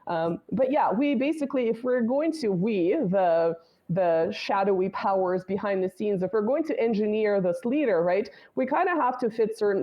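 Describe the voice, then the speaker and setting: Russian-native woman guest, casual and wry, middle pitch, kinda muffled lo-fi audio. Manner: chatty, wry, lots of "right?" tags. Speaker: guest commentator. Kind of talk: casual conversational interview.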